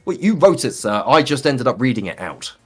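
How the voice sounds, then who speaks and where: A man's voice: mid-range voice, very animated, brisk, breathy edge, soft background music. A man hosting a live gaming race stream, bantering playfully and theatrically and calling his guests sir.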